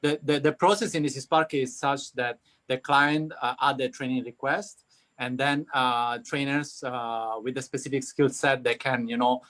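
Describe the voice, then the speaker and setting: A man's voice: medium pitch, fairly even intonation, moderate pace, fairly bright tone. A man with an Italian accent, a company founder speaking as a guest in a casual live interview, hesitant and full of fillers and restarts.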